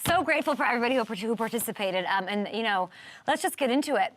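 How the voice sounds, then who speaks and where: A woman hosting a sports talk show, animated and joking, riffing fast on the weekend's games. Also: fairly high pitch, slight background noise. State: out of breath. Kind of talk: energetic sports talk monologue.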